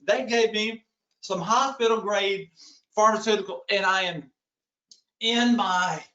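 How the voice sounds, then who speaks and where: A man's voice: high-pitched, measured pace, pushed and bright, echoey room, dull audio. A man giving a keynote talk, telling a humorous story with self-deprecating asides to his audience. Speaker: keynote speaker.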